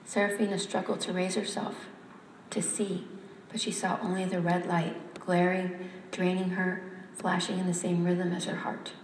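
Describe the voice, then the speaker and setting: Woman reading fiction aloud, flat even delivery, echoey hall, faint room noise. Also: fairly low pitch, normal speed. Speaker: author or reader at a reading. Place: hall with audience.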